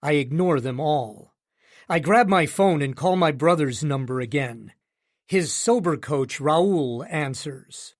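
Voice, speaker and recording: A man's voice: fairly high pitch, slow pace. A man narrating a romance audiobook in the first person with a wry, sardonic delivery.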